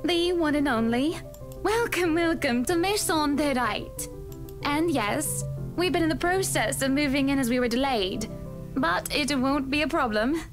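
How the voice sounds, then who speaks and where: A man's voice: very high voice, measured pace, over music, voice pushed up. A man voicing a poised, wealthy young woman who speaks graciously and a little haughtily while playing a story game.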